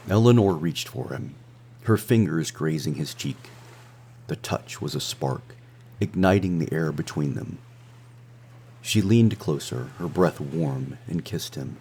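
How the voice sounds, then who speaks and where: A man narrating a scripted romance adventure story in a measured, dramatic way. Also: a bass voice, darkish tone, husky. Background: faint music.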